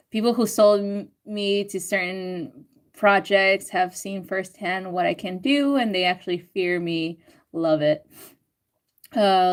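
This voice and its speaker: A young woman reading out live chat comments on a stream, chatting casually with frequent swearing, laughter and animated self-quotes. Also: on the low side. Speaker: astrology and tarot reader reading live chat.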